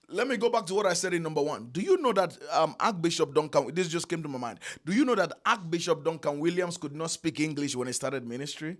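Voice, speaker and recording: A man preaching a sermon, emphatic, repeating phrases and drawing out key lines with long pauses. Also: fairly high pitch, expressive.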